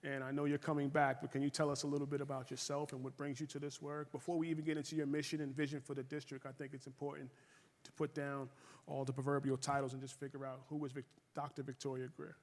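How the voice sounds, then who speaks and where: A man hosting an interview, asking questions in a brisk, encouraging way. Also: medium pitch, little pitch movement. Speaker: interview host. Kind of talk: interview conversation. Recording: long hall reverb.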